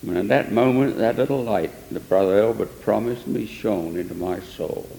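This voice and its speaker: A man's voice: on the low side, moderate pace, gravelly, warm tone, a little hiss or hum. An older man preacher telling a story in an earnest sermon, with emphatic swells. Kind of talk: sermon testimony. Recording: long echo of a large hall.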